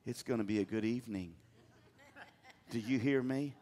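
A man's voice: medium pitch, normal speed, mellow. A man preaching a sermon, talking emphatically and calling on the congregation to answer him. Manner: emphatic, calls on the congregation to respond.

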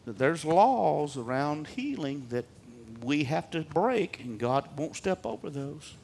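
A man preaching in a church with a folksy, fervent delivery. His voice sits a touch high for a man. He climbs to ringing peaks, then drops to hushed, confiding asides. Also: a little hiss or hum. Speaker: pastor. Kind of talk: sermon.

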